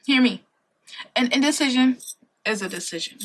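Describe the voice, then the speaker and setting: A woman's voice: a little high, animated, moderate pace, a bit bright. A woman in her late twenties giving earnest life advice in a casual vlog, repeating her key points for emphasis and tossing in slangy asides. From Ohio, USA. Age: late 20s. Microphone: compact camera mic.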